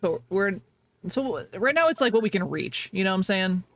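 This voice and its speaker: Giggly game streamer, very lively pitch. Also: moderate pace. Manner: giggly, laughs often, apologizes a lot; talks to chat, reacting to the game. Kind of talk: casual live-stream chatter while playing.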